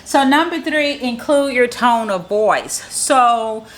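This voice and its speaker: A woman's voice: a little high, expressive, slow pace. A woman, a marketing strategist, giving a casual how-to tutorial in an upbeat, positive, motivational way, restating her points in plain, encouraging talk.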